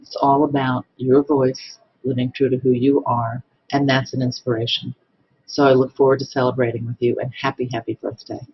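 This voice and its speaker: A man giving an earnest, measured birthday message to a friend. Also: medium pitch, little pitch movement, muffled recording, slight background noise.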